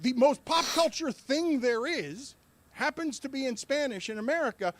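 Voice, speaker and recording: A middle-aged man makes his case as a sports commentator, passionate and emphatic. His high voice rises and falls widely, and the sound is dry and close. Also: no echo. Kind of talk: opinionated commentary clip.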